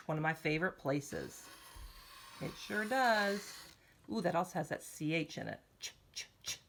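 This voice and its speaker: A woman kindergarten teacher runs a phonics lesson in an unhurried, sing-song voice. Her voice sits a little low. She draws out each vowel sound and cheers the children on. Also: bright, forceful tone. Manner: encouraging, talks directly to children. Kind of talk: recorded morning meeting lesson for young children.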